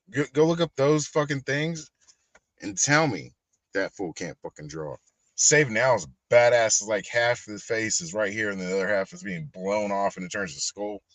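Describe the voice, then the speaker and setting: A man, high and ranting with heavy profanity in a casual livestream about collectibles and prices. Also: a bit bright, dry recording. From Texas. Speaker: collectibles channel host.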